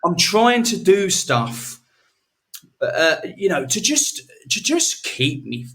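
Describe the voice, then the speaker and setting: A man's voice: sits high, sing-song, slow pace, fairly bright tone. A man with a slightly raised voice, talking animatedly on a casual podcast. He encourages his friend, swears a lot and keeps saying "mate.". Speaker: podcast co-host.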